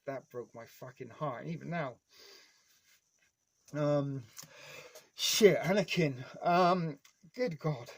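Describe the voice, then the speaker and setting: Man, 40s, home streamer: loose, profane, nostalgic, talks straight to his chat. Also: mid-range voice. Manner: rambling, heavy swearing; nostalgic fan enthusiasm. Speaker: live streamer. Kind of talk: casual live-stream chat.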